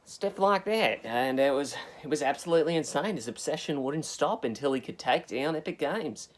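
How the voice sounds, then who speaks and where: A man's voice: medium pitch, a little fast. A man speaking in an offhand, rambling way as an interviewee in a comedy mockumentary. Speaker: mock documentary interviewee.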